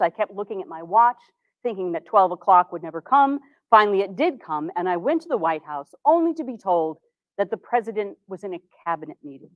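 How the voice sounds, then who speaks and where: Brief: actress as earnest 1860s reformer, formal first-person monologue, dry close sound. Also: female voice, medium pitch, dry recording, natural voice, low-quality recording. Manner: formal, measured old-fashioned diction. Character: earnest 1860s woman reformer, composed and dignified. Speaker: historical reenactor.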